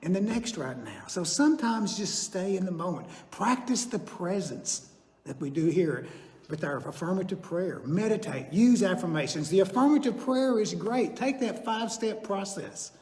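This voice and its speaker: A man's voice: high voice, animated, normal speed, darkish tone. An older man giving a sermon in a church sanctuary, telling personal stories in an earnest, folksy way. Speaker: chiropractor giving a church message. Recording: echoey sanctuary with long reverb.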